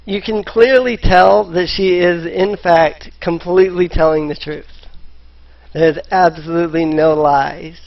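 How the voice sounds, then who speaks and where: A man narrating a tabletop role-playing game as dungeon master, in an unhurried storytelling manner. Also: fairly high pitch, fairly even intonation. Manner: unhurried storytelling, voicing characters in quotes. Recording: dull lo-fi voice chat.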